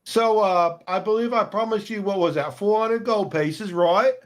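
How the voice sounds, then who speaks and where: A man voicing a shifty male merchant boss who flatters and haggles in a tabletop game. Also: high voice, moderate pace, close to an everyday voice. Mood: pleased. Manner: smooth-talking, haggling, calls everyone friends.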